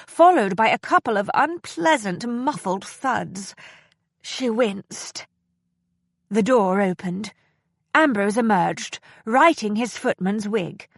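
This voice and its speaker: A woman narrates a novel for an audiobook, keeping her storytelling measured and even. Her pitch sits in the middle, and the scripted reading has studio quality with no room sound.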